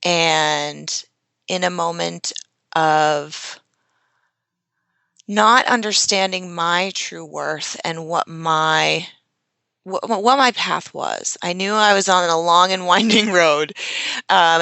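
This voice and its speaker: A woman's voice: lowish voice, slow, gravelly, sharp tone, smooth, dry recording. A woman guest telling a personal story in an interview, earnest and emotional, with frequent fillers. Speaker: guest, social media strategist.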